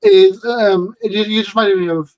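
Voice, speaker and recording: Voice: medium pitch, huge pitch swings, moderate pace, vocal fry, darkish tone. A speaker in casual chat on a geek podcast, chiming in with short remarks and bringing up new topics.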